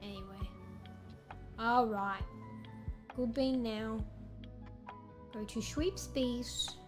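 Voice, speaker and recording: A tired woman streamer draws out her words in a slightly high voice as she chats with viewers. Game music plays in the background while she rambles playfully, often correcting herself.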